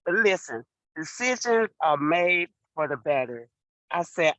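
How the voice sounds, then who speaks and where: On a video call, a middle-aged woman shares her story as a client in an exuberant testimonial, repeating phrases for emphasis like a preacher. Her voice is deep yet fairly bright, at a moderate pace, and the dry recording sounds muffled.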